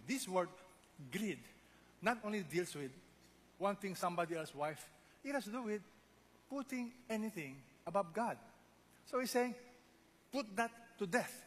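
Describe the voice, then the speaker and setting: A man preaching a sermon, swinging between loud exhortation and quiet intensity. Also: sits high, breathy edge. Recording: long hall reverb, faint noise.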